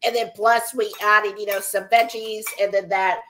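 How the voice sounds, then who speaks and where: Woman, mid pitch, lively casual chat, reads out viewer comments. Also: moderate pace, slight background noise. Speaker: live stream co-host.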